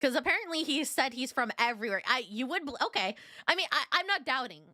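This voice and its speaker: Bright, giggly woman streamer. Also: high voice, animated, fast talker, no room sound, clean studio sound. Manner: giggly, rambling, lots of "like". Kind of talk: casual reaction chat.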